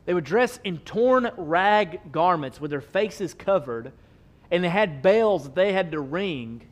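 Male pastor, high voice, emphatic sermon delivery, repeats lines, asks the room questions, casual tone. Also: expressive, measured pace. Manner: emphatic, repetitive, rhetorical questions; casual, with filler likes.

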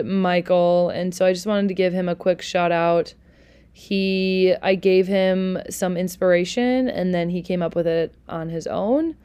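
A woman's voice: mid-range voice, warm tone, clean tone. A young adult woman hosting her own podcast, talking casually and candidly, self-deprecating and swearing now and then. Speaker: podcast host. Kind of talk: casual solo podcast monologue.

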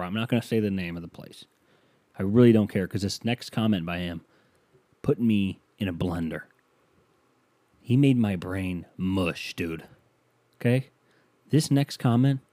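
Mellow-voiced man ranting on his podcast. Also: on the low side, no room sound. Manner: rambling and animated, swearing, rising into mocking bursts. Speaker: podcast host. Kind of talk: casual solo storytelling. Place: home near an airport.

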